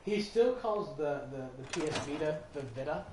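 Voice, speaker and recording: A man's voice: on the high side, normal speed, crowd noise. A man chatting casually over a game, telling stories with lots of laughter. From none, lived all over. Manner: animated storyteller, laughs often. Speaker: co-host of a gaming playthrough. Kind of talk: casual chat over gameplay. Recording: echoey room with background noise.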